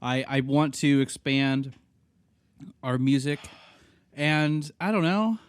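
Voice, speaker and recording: A man's voice: medium pitch, takes it slowly, smooth, dry recording. A man co-hosting a podcast, chatting casually with an easygoing, joking manner. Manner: jokey, easygoing banter. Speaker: podcast co-host. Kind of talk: casual chat.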